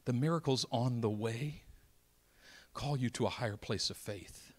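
A man preaching a sermon, telling a story with dramatic swings from soft whispers to loud, high-pitched outbursts. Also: unhurried.

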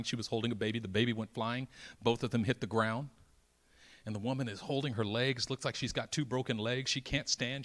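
A man preaching a sermon, telling a story with dramatic swings from soft whispers to loud, high-pitched outbursts.

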